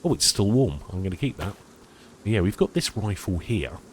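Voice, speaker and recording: Low-voiced man streaming a game. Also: big pitch swings, moderate pace, a little hiss or hum. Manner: chatty, self-deprecating, talks to chat. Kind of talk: casual gameplay commentary.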